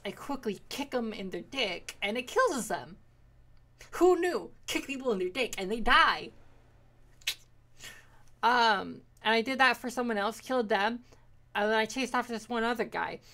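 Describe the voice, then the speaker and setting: A young woman casually recapping her tabletop game sessions, rambling and swearing freely as she acts out quick quotes. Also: fairly high pitch, pushed and bright. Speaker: player recapping a tabletop campaign.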